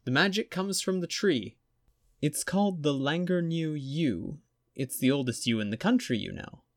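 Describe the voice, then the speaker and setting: A man's voice: on the high side, lively intonation, dry recording, studio quality, pitched above the performer's own voice. A man reading a story aloud and voicing a proud, chatty, lonely young female ghost in a raised, lilting voice. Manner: eager rapid questions. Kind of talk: audiobook reading.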